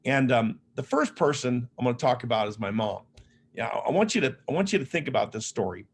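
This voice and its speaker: This Las Vegas, Nevada man, an author and speaker, delivers a motivational keynote full of funny, self-deprecating personal stories told conversationally. His voice is medium-pitched and husky, brisk, with lively intonation.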